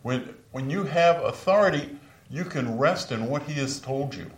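With lively intonation and a moderate pace, a pastor in his sixties tells stories from the pulpit, rising in pitch for emphasis. His voice comes from far off in an echoey room.

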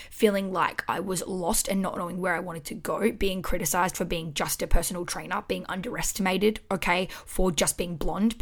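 A young adult woman with an Australian accent, hosting a casual motivational podcast from home on a microphone, expressive and emphatic with frequent swearing. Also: lowish voice. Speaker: podcast host. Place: her house. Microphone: studio microphone.

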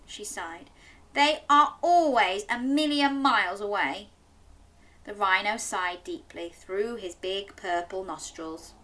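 A woman's voice: mid-range voice, pushed and bright. A woman reading an interactive story aloud to young children, coaxing them to join in with sing-song questions.

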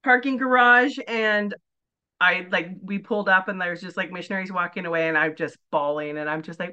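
A woman's voice: lowish voice, steady tone, a little fast, pushed and bright, clear, resonant tone, lo-fi sound. A woman in her forties, a podcast guest chatting casually and telling her story with lots of filler words. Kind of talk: casual interview chat.

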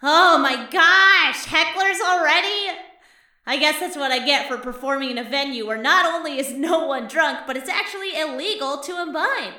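A woman's voice: sits high, normal speed, pushed and bright, recorded from a distance. A woman playing a quirky comedian who lives in the vents, rambling through a stand-up set with giggles. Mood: amused. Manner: rambling, giggly, puts on voices in anecdotes. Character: quirky vent-dwelling comedian, chatty and odd. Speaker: stand-up comic and co-host. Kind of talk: audio drama stand-up monologue. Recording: roomy, from off-mic.

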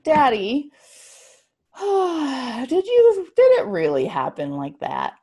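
A woman voicing a sleepy little girl talking to her father, soft and pitched up. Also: huge pitch swings, takes it slowly, exaggerated voice.

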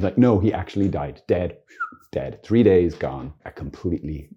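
A man, a priest, giving an informal teaching talk, earnest and lively with joking asides. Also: low voice, moderate pace, husky. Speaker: Catholic priest.

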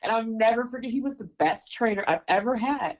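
A woman's voice: on the high side, fairly quick, darkish tone, poor audio. A woman runner being interviewed on a podcast, talking effusively and emotionally and breaking into exclamations like "woo" and "ooh.". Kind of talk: conversational interview.

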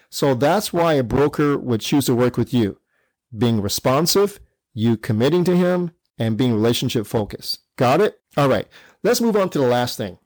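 A man's voice: mid-range voice, darkish tone, dry recording. A man hosting an instructional podcast, talking straight to listeners with emphatic repetition and frequent "all right" check-ins. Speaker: podcast host.

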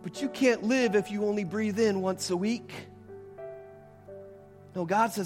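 High-voiced pastor preaching in a reverberant church. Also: male voice, a little slow. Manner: builds from hushed storytelling to fervent, raised preaching. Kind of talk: sermon. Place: large church sanctuary with long reverb. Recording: reverberant church hall with faint music.

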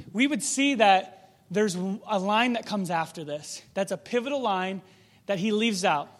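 A man with a notably high speaking voice delivers a sermon. He talks conversationally and reflectively, leaning on rhetorical questions as he teaches. His tone stays relaxed and personal, as if speaking directly to the people in front of him. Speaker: preacher.

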